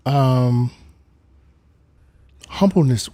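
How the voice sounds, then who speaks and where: Husky mellow-voiced man. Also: mid-range voice, expressive, measured pace. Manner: goofy, rambling, repeats bits, does mock accents. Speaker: livestream host. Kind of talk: casual livestream chat.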